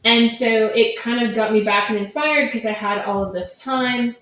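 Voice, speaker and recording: A woman's voice: fairly high pitch, normal speed, a bit bright, very echoey, rough recording. A middle-aged woman author telling stories about her writing in a casual interview, acting out family members' lines as she goes. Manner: chatty storytelling, acts out family quotes. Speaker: author guest.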